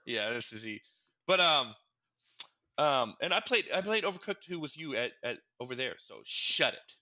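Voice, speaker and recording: A young man co-hosting a casual gaming podcast, telling stories in an animated, stammering way and getting loud when excited. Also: normal speed, lo-fi sound. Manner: animated storytelling, gets loud and high when reliving frustration. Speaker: podcast co-host. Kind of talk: casual chat.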